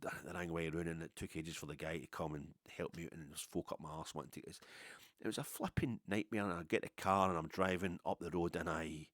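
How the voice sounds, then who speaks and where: A man's voice: low-pitched, fairly even intonation, fairly quick, few pauses, a bit bright, no room sound, studio quality. A middle-aged Scottish man, a podcast host, telling a long rambling story in a casual, self-deprecating way. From Scotland.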